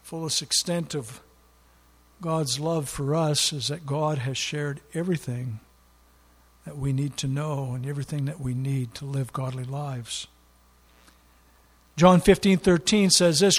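A man's voice: fairly high pitch, fairly even intonation, measured pace. A man preaching a sermon in an earnest way, leaning hard on key words for emphasis. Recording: long hall reverb.

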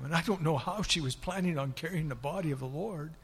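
A male preacher with a fairly high, husky voice retells scripture with dramatic emphasis. His sermon rings out with a long reverb, as in a large hall. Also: fast talker, hardly any pauses.

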